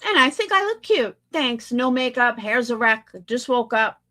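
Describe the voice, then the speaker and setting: A woman's voice: fairly high pitch, lively intonation, moderate pace, bright, forceful tone. A woman hosting a livestream, talking back in a blunt, sarcastic and profane way. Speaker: livestream host. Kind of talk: casual livestream commentary.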